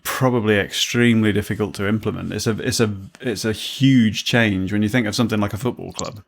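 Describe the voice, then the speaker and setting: A man's voice: on the low side, fairly even intonation, brisk, gravelly. A man co-hosting a casual chat podcast, rambling and jokey as he thinks aloud. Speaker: podcast co-host.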